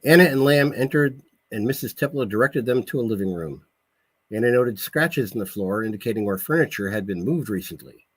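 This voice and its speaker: Husky man reading his novel aloud. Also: medium pitch, lively intonation. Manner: measured reading with small slips and self-corrections. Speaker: author.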